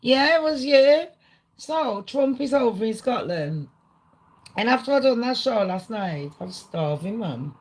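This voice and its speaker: A woman hosting a livestream, ranting casually to her chat in an excitable, rambling way, swearing a lot. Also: on the high side, measured pace, rough recording. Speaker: livestream host. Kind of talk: casual rant to a live chat.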